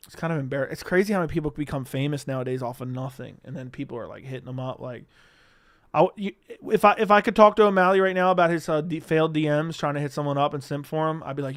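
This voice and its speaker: A young adult man hosts a live stream, chatting casually and profanely and reading viewer comments aloud. His voice is fairly high and he talks fast, with studio-quality audio and no echo.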